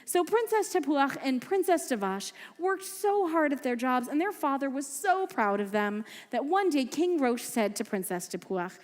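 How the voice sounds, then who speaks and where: A woman's voice: sits high, very animated, moderate pace, hardly any pauses. A woman telling a story to children at a family service, playful and quizzing them with questions. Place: synagogue sanctuary. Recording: echoey hall with faint music.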